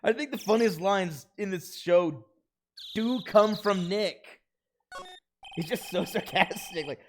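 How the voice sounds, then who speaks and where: A man's voice: high-pitched, slow, long pauses, a little hiss or hum. A man streaming a video game, giving playful commentary. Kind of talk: live gameplay commentary. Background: video game music.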